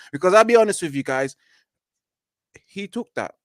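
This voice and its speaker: A man's voice: high voice, lively intonation, moderate pace, long pauses, no echo, studio quality. A man, debating football in a casual fan chat over a video call, emphatic and repetitive. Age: 30s. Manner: emphatic, repeats "you know" and "man". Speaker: football fan show co-host.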